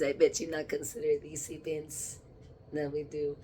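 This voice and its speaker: A woman speaking in a halting, emotional monologue as she channels spirits, moving between soft murmurs and sudden exclamations. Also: low-pitched, monotone, a little hiss or hum.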